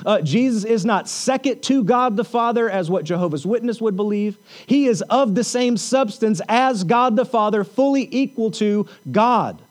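A man with a high voice preaches a sermon to his congregation. He talks earnestly, repeats phrases for emphasis, and reads scripture aloud between his points. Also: animated, moderate pace, hardly any pauses. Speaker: pastor.

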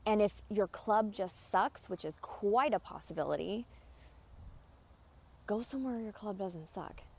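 A woman's voice: medium pitch, lively intonation, measured pace, vocal fry, breathy edge. A woman hosting a podcast, giving blunt, emphatic advice in a casual monologue and often repeating herself. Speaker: podcast host.

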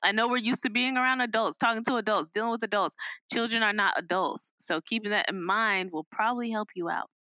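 A woman's voice: mid-range voice, fast, no room sound. A young adult woman co-hosting a podcast, chatting casually, tipsy from drinks and often laughing. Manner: animated storyteller who laughs often. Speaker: podcast co-host. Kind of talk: casual chat.

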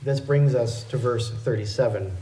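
A male pastor giving an expository sermon in a measured, explanatory teaching manner. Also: medium pitch, warm tone, roomy sound, rough recording.

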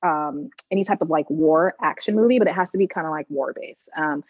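A woman's voice: deep voice, brisk, breathy edge, no echo. A young woman as an enthusiastic guest in a casual interview, gushing about her favorites. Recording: dry, slightly dull audio.

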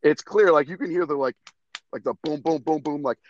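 A man's voice: fairly high pitch, brisk, dry recording, dull audio. A young man on a podcast, telling stories in casual chat and breaking into laughter as he goes. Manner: animated, laughing storyteller. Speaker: podcast guest.

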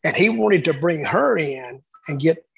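A man reminiscing casually about his years booking shows, telling lively anecdotes and acting out the quotes. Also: a little high, measured pace, creaky, slightly rough, no echo, poor audio. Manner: animated storyteller acting out quotes. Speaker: wrestling booker telling stories.

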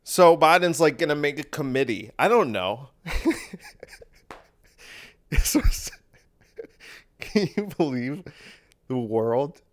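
A man hosting a podcast, delivering a rambling sarcastic monologue with deadpan asides. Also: a little high, takes it slowly, long pauses. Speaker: podcast host.

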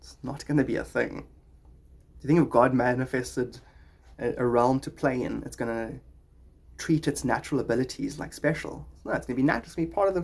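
A man's voice: medium pitch, a little fast, gravelly, darkish tone, husky. A man hosting a podcast, rambling in a jokey, philosophical way. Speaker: podcast host. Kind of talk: rambling casual talk.

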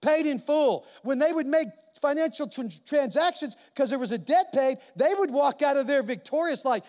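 High-voiced male pastor preaching in a hall. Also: moderate pace, few pauses. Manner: animated, emphatic, repeats key phrases. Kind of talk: sermon. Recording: long reverb of a large hall.

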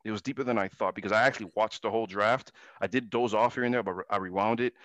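A man's voice: lowish voice, fairly even intonation, very fast, fairly bright tone, no room sound. A man hosting a sports talk radio show, talking emphatically and ranting about basketball.

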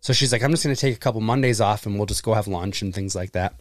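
A man's voice: fairly low pitch, quick pace, no echo, studio quality. A man in his thirties telling stories on a casual podcast, swearing freely and acting out the people he talks about. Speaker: podcast co-host. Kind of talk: casual chat.

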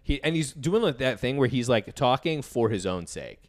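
A young man, a comedian and podcast host, telling an animated story in casual chat, laughing and acting out the people in it. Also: medium pitch, normal speed.

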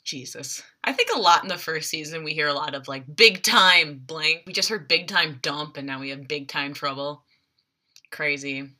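A woman's voice: low voice, normal speed, bright, forceful tone. Chatty woman recapping a TV episode. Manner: chatty retelling with asides. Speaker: show recap host.

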